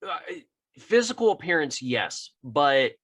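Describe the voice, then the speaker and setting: A man's voice: fairly high pitch, sing-song, unhurried, fairly bright tone, husky. A man co-hosting a podcast, chatting casually with dry, joking, profane asides. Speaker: podcast co-host. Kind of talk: casual chat.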